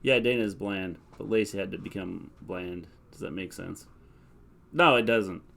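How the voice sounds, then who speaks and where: A man's voice: low voice, unhurried, vocal fry, bright, forceful tone. A man co-hosting a casual live-stream recap, hedging his views and talking straight to viewers. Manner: chatty, hedging, talks to viewers. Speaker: co-host.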